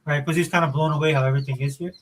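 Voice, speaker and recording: A middle-aged man on a podcast, telling stories in a rambling, animated way. His voice is fairly high and slightly husky, and the words tumble out quickly. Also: poor audio. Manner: rambling, animated storyteller with many fillers. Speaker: podcast co-host. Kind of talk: casual chat.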